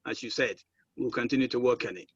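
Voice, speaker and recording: A man moderating a webinar on a video call, halting and repeating words as he searches for them. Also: medium pitch, a bit bright, breathy edge, no echo. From Nigeria. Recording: dull, dry video-call audio.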